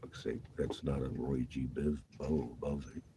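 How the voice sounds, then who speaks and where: A man's voice: rumbling low, fairly even intonation, moderate pace, warm tone, slight background noise. A man telling rambling, profane stories about his navy days in casual vlog talk, laughing often between lines.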